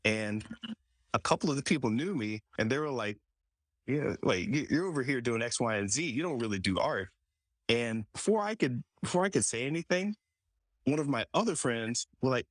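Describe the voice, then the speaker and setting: A man's voice: mid-range voice, lively intonation, moderate pace, no echo. Podcast host guy, rambling story with lots of restarts, dead dry sound. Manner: storytelling with many restarts, quoting himself. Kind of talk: casual conversation.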